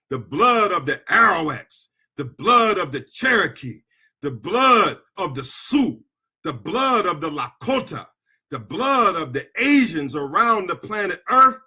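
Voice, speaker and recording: With a voice that sits high and sounds slightly rough, a middle-aged man from the United States, an attorney and activist, gives an impassioned political speech. He shouts at the climaxes and draws the crowd into call-and-response chants.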